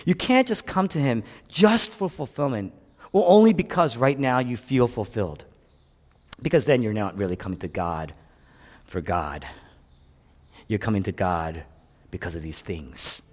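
A male pastor preaching a sermon with a dynamic delivery that swings from loud exclamations to hushed lows. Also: animated, a little slow, pauses often. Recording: long hall reverb.

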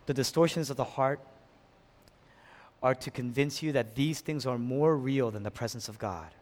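A pastor preaching a sermon, impassioned, swinging between hushed and loud delivery. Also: male voice, medium pitch, moderate pace. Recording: long reverb of a large hall.

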